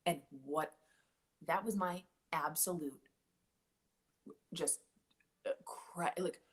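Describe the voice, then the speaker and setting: A woman's voice: low voice, slow pace, slightly rough. A woman in her late thirties hosting a casual livestream chat from home, rambling and easily sidetracked. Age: late 30s. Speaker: podcast host.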